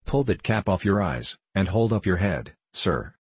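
A man's voice: low-pitched, very animated, normal speed, breathy edge, no room sound, exaggerated voice. A man reading aloud, voicing a pompous, blustering male parish beadle in a storybook. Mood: stern. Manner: blustering, scolding.

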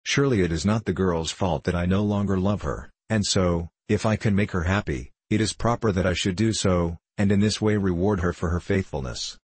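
A formal, earnest tin emperor, read by a man with a deep, husky voice. He talks in a measured, dutiful way, close and dry in a storybook audiobook. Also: dry recording. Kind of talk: audiobook reading.

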